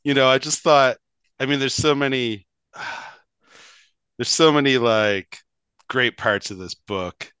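A man's voice: medium pitch, slow pace, pauses often, bright, forceful tone, clear, resonant tone, dry recording. A man, co-hosting a casual hockey podcast in a rambling, chatty way, often laughing. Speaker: podcast co-host.

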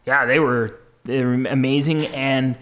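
A man with a middle-pitched voice speaks as a guest from campus radio. He talks in an unhurried, friendly way and tells his stories with plenty of filler words. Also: fairly even intonation, fairly bright tone. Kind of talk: casual interview talk.

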